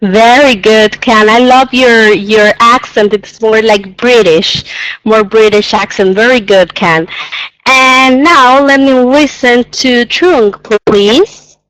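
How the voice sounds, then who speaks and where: A woman's voice: fairly high pitch, slow pace, fairly bright tone, no echo, rough recording. A woman teaching an English pronunciation lesson, patiently repeating sounds and exaggerating them so learners can hear.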